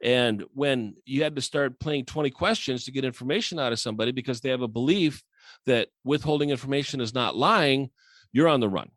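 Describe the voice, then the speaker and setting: A man co-hosting a sales podcast in casual conversation, who acts out quoted dialogue with sharp jumps in pitch. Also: fairly quick, dry recording, studio quality. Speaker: sales coach and podcast co-host.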